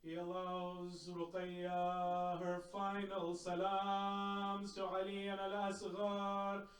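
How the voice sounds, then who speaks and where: A man's voice: high voice, monotone, slow pace, a bit bright, faint music behind. A man, a sheikh, delivering a solemn, dramatic Muharram sermon in a community center hall. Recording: echoey hall, mic at a distance.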